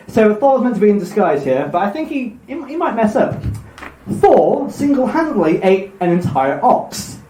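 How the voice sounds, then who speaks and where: A man hosting a live podcast, retelling a myth in a rambling, self-mocking way with quick asides. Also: high-pitched, dark tone. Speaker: podcast host. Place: live event room with audience. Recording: echoey live room, faint noise.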